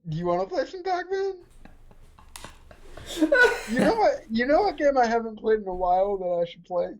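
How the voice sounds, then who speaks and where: Playful woman streamer, low mellow voice, muffled lo-fi audio. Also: very animated, normal speed. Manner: playful, giggly, teasing. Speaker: streamer, co-host. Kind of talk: casual gameplay chat.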